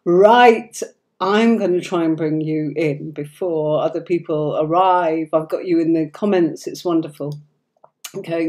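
Hoarse from a cold and low-pitched, this woman runs a live tarot stream. Between fixing the software, she keeps up warm, affectionate chatter.

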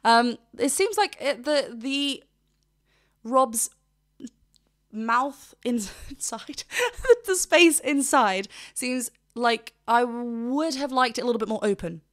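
Vocal coach, woman, somewhat high voice; chatty, rambling reaction talk with quick self-corrections. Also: expressive, a bit bright. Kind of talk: casual reaction commentary.

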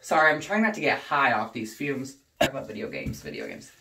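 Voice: medium pitch, fairly quick, vocal fry, slight background noise. Young vlogger going off, lots of cursing, sounds a bit far from the mic in an echoey room. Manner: profane, heated and animated ranting. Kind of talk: casual rant while dyeing hair. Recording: roomy echo, voice away from the mic.

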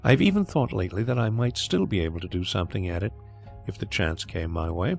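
A man voicing a suave, genial blind gentleman detective, speaking calmly and thoughtfully. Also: deep voice, fast, soft background music. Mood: eager. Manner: calm, thoughtful, smoothly assured.

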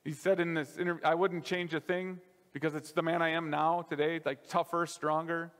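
A man's voice: a little high, little pitch movement, brisk. Man, pastor, conversational sermon, echoing sanctuary. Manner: conversational preaching, drops softer on key lines. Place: church sanctuary.

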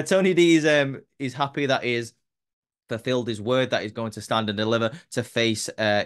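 Rambling man recapping wrestling. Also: mid-range voice. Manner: rambling, many ums and restarts, laughs at own jokes. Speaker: wrestling show reviewer. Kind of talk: casual recap commentary.

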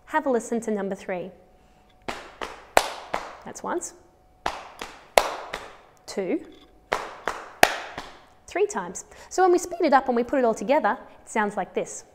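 A woman's voice: on the high side, very animated, measured pace, pauses often, big-room sound, very noisy. A woman with an Australian accent teaching a children's music lesson, counting patterns aloud and encouraging the class.

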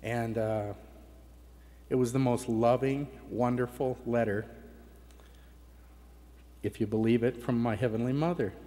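At a large conference hall, a middle-aged man offers a heartfelt testimony, now and then breaking with emotion. His warm, mid-range voice is fairly even in intonation and a little slow, with frequent pauses, and the hall's reverb is long.

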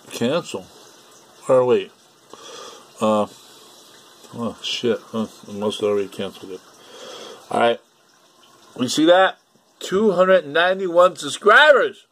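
Male YouTuber, slow, rambling, swings up and down in pitch. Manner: rambling, laughing, swearing, lively pitch swings. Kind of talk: casual rambling vlog.

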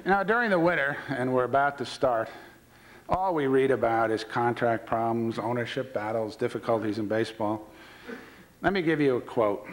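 A man's voice: medium pitch, a little fast, rough recording. Storytelling man with dry wit. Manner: storytelling with dry wit, retelling quoted dialogue. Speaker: baseball commissioner giving a public talk. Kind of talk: humorous anecdotal speech.

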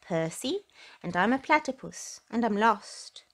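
A woman voicing a friendly, lost young male platypus in a storybook reading, with a gentle, pleading manner. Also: high voice, very animated, measured pace, voice pushed up, full character voice. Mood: eager.

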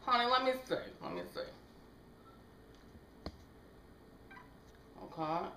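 Performer as a sassy gossiping aunt, dramatic exclaiming, lively swooping pitch, roomy room echo, faint music behind. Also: fast, a little hiss or hum. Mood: casual. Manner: dramatic, exclaiming, talks slangy and blunt. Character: sassy gossiping middle-aged aunt, woman. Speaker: comic skit character. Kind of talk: home-video comedy skit.

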